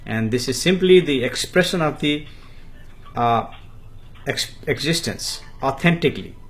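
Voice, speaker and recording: A man, talking about himself in the third person while answering viewer comments in a live spiritual talk, slow and halting with many fillers. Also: medium pitch, expressive, fairly bright tone.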